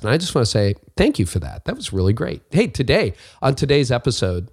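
A man's voice: medium pitch, big pitch swings, brisk, husky. A man hosting his leadership podcast, talking in a chatty, self-deprecating and upbeat way. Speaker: podcast host. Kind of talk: casual podcast monologue.

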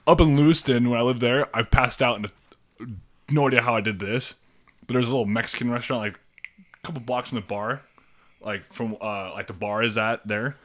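Bright young man chatting casually. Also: medium pitch, steady tone, a little fast. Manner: laid-back, swearing, laughing. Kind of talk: casual storytelling chat.

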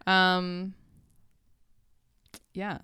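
A young woman telling a story on a podcast in a casual, joking way, with offhand swearing. Her voice sits low and sounds smooth. The recording is dry and close. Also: completely flat delivery, drawn-out words, sharp tone, no echo. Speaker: podcast co-host. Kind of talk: casual chat.

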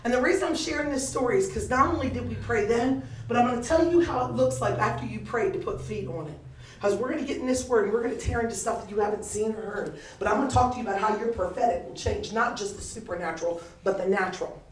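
An older woman delivers a sermon in a church, her voice a touch high and full of lively storytelling and laughter. She is picked up from across the room, so the sound is roomy and echoey with faint ambience behind her. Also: quick pace, distant mic, slight background noise. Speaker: preacher.

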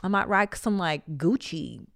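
A woman's voice: fairly low pitch, lively intonation, unhurried, creaky, no room sound, studio quality. A woman in her forties hosting a podcast, talking in a casual, comedic monologue that is profane and chatty, and she laughs often. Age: 40s. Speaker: podcast host.

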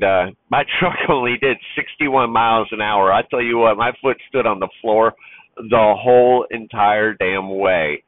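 A man's voice: lowish voice, dry recording. A man who drives trucks talks heartfelt and near tears about being a father, rambling with restarts. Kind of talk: personal vlog monologue. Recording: tinny phone-like sound.

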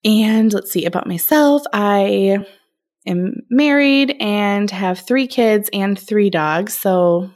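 A woman's voice: mid-range voice, slow pace, a little mellow. Playful woman with a Minnesotan accent. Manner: playful, teasing. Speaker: podcast co-host. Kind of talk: casual chat.

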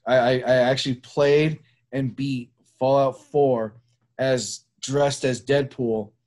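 A man's voice: medium pitch, fairly even intonation, slow pace, a little mellow. A man hosting a casual chat show, talking in a loose, rambling way with lots of fillers and restarts. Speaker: show host.

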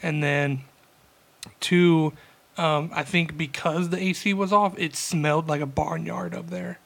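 Gravelly man telling a story. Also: a little high, fairly even intonation, unhurried, fairly bright tone. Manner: rambling, laid-back storytelling with many fillers. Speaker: podcast co-host. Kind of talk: casual storytelling chat.

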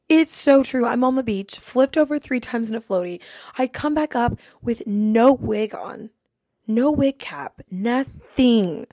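A woman's voice: fairly high pitch, normal speed, darkish tone, no room sound, studio quality. A young woman hosting a podcast, telling a funny story casually and laughing through it. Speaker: podcast host.

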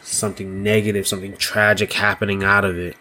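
A man hosting a solo podcast, talking slowly and loosely, often asking "you know what I mean". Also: lowish voice, flat delivery, bright, forceful tone, slight background noise. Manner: slow, thoughtful delivery with small laughs. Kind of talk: casual solo podcast monologue.

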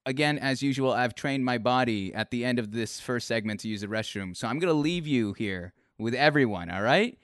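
A man hosting a livestream interview show, talking in an animated way and often repeating his words. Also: mid-range voice, a little fast, few pauses, no room sound, clean studio sound. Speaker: host.

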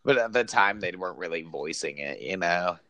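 Brief: male co-host, very low voice, dry close mic, rambling crude banter. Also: expressive, a little fast, bright, forceful tone, no echo, muffled recording. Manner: rambling, profane, laughs a lot. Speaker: podcast co-host. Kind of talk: casual chat.

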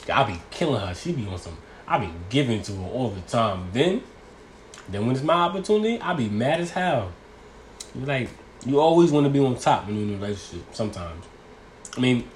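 A man's voice: mid-range voice, a little hiss or hum. A young man from New York talking casually to his viewers in a loose, rambling, slangy way. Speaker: vlogger. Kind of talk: casual chat.

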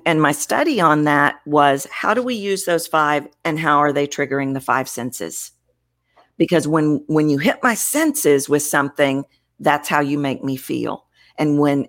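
Woman voice coach, very low pitch, expressive interview answers. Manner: expressive, demonstrates vocal variety while explaining. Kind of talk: interview conversation.

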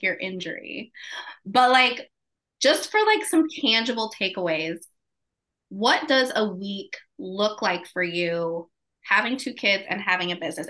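A woman's voice: medium pitch, sharp tone. A woman hosting a podcast interview, talking in a chatty way, full of "like" and small laughs. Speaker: podcast host.

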